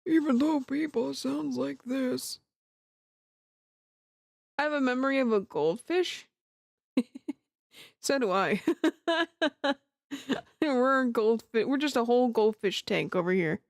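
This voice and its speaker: A woman's voice: high-pitched, lively intonation, slow pace, gravelly, pauses often, no room sound, studio quality. A woman streamer chatting casually and giggling often while playing a game. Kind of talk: casual let's play commentary.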